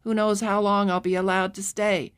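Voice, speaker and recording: A woman reading aloud voices an anxious young governess who speaks in a hushed, confiding way. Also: mid-range voice, flat delivery, normal speed, clear, resonant tone, natural voice.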